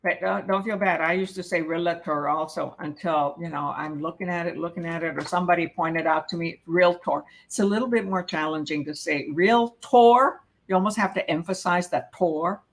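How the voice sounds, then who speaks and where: A woman's voice: fairly low pitch, normal speed, few pauses. A woman teaching a live real estate exam prep class, reading questions aloud and explaining the answers, often checking in with "okay?".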